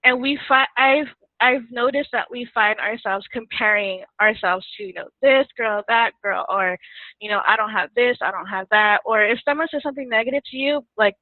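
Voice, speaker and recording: A woman's voice: fairly high pitch, moderate pace, dry recording. A woman guest telling her story in a casual interview, chatty, laughing often and getting emotional. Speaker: guest distributor. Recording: tinny phone line, dry.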